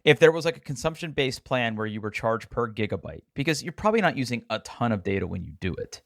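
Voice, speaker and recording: Man with a lively, swinging voice, jokey and profane podcast co-host. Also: mid-range voice, quick pace. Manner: lively, joking, swears freely. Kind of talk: casual chat.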